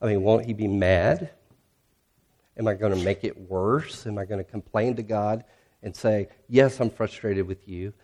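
Low-voiced male pastor preaching. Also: moderate pace, a little mellow. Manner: conversational, with rhetorical questions; reads scripture aloud with rising intensity. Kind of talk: sermon.

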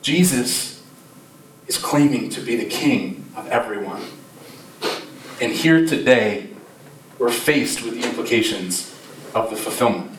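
A man's voice: medium pitch, animated, unhurried, long pauses, slight background noise. A male pastor preaching a Christmas sermon with passion, his voice swelling and dropping for emphasis. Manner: impassioned, rises and drops in volume for emphasis. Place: church sanctuary. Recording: roomy church sound from a distant mic.

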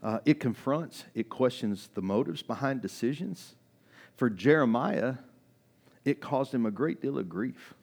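A male pastor giving a sermon in a conversational way, often dropping his voice low for emphasis. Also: animated, a little slow, vocal fry, a little mellow. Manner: conversational preaching with sudden drops in volume; acts out quoted voices in reading.

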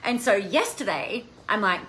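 A woman hosting a casual live stream, talking in an animated, chatty way and swearing now and then. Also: mid-range voice, normal speed, rough recording. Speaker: coaching podcast host.

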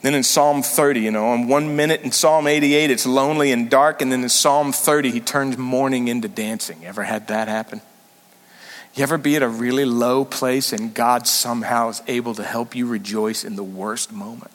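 A man preaching a sermon as senior pastor, animated and emphatic, sometimes rising suddenly loud. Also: mid-range voice, moderate pace, long reverb tail.

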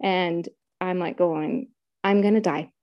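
A woman's voice: fairly low pitch, fairly even intonation, slow pace, no echo, dull audio. A middle-aged woman telling her own story in casual conversation, retelling events vividly and acting out quotes.

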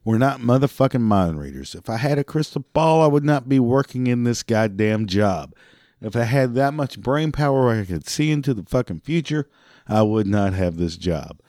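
A man who works a parts counter rants profanely about customer service calls, mimicking the callers and drinking beer as he goes. His mid-range voice is expressive and a little mellow, at a normal speed. The studio-quality recording has no echo.

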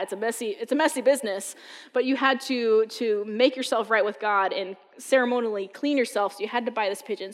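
A woman's voice: a little high, in a large hall. A woman from the US East Coast giving a casual sermon, telling funny stories in a chatty way full of "like". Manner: humorous, chatty storytelling with frequent "like". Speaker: preacher. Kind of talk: conversational sermon.

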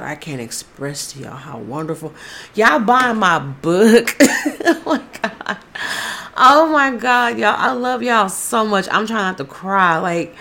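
A woman hosting a podcast in a casual monologue, profane, effusive and often laughing. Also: mid-range voice. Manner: loud, profane, laughs often, gushing to listeners. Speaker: podcast host.

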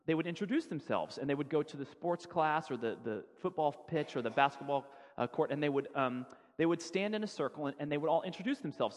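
A fairly high-voiced man preaches from the pulpit, telling his story casually and doubling back on his words. His voice rings out with a long reverb from the church hall around him. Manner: conversational, repeats words as he builds the story. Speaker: pastor. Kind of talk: sermon storytelling. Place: church sanctuary.

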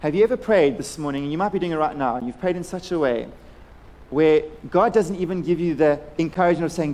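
A man, a pastor, preaching a sermon earnestly, moving between hushed and impassioned passages. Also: on the high side, fast talker.

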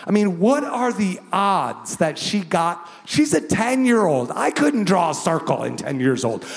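A male pastor tells a story from the pulpit, lively and animated, slipping into the voices of the people he quotes. His voice sits a little high for a man. The sound carries a long reverb, as in a large church auditorium. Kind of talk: sermon storytelling.

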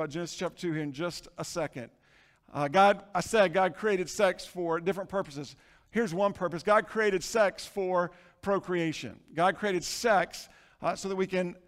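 High-voiced male pastor preaching in a hall. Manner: animated preaching, swinging from hushed to shouting. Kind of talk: sermon. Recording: long reverb of a large hall.

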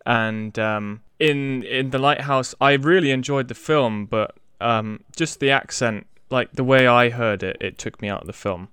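A man's voice: medium pitch, unhurried, few pauses, a bit bright, clean tone, no room sound. A man co-hosting a casual chat, talking hesitantly with restarts but emphatic about his views. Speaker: podcast co-host.

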